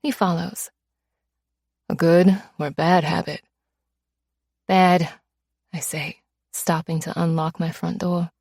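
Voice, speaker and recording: Brief: female audiobook narrator, very slow and deliberate, slightly low voice, dry close sound, menacing edge in dialogue. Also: gravelly, dry recording. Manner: steady, measured, tough and menacing in dialogue. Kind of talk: first-person audiobook narration.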